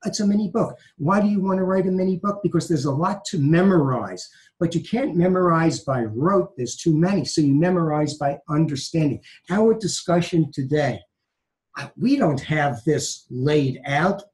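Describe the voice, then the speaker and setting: A man's voice: fairly high pitch, animated, moderate pace, darkish tone, poor audio. Emphatic man, law professor. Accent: Brooklyn. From New York. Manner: emphatic, repeats key phrases. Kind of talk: conversational advice talk.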